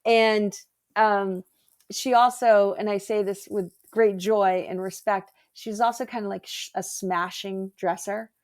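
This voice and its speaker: A woman guest, an energy healer, chatting casually and telling stories with lively acted-out quotes. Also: measured pace. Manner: animated, acts out quotes in a higher voice. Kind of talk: casual storytelling chat.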